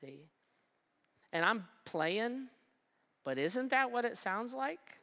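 Unhurried preacher in a reverberant hall. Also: mid-range voice, expressive, pushed and bright. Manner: emphatic, repeats phrases, asks the audience questions. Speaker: pastor. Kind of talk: sermon.

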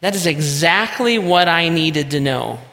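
Pastor, male, casual emphatic sermon delivery; bright voice, long hall reverb. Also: a little high, expressive, measured pace. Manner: conversational preaching with emphatic asides.

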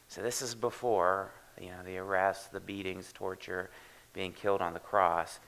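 A man preaching a sermon as a pastor, his low voice edged with gravel yet bright and forceful in tone. He talks loosely and conversationally, restarting phrases and sinking into hushed, soft passages. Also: fairly even intonation, normal speed, low-quality recording. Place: church.

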